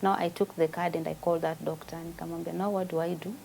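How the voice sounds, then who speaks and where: A woman's voice: lowish voice, flat delivery, fast, creaky, darkish tone, slight background noise, low-quality recording. A woman with a Kenyan accent, a guest giving an emotional personal testimony and mixing Swahili with English.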